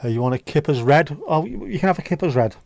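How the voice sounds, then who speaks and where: A man's voice: a little high, expressive, quick pace, creaky, a little mellow, no echo. A man hosting a casual livestream, chatting with viewers in sweary, joking banter. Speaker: livestream host reading chat. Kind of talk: casual chat.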